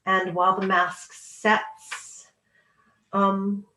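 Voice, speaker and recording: A woman educator guides listeners into rest in a soft, soothing way. She speaks very slowly, and the room around her adds a clear echo. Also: medium pitch, flat delivery. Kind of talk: guided relaxation.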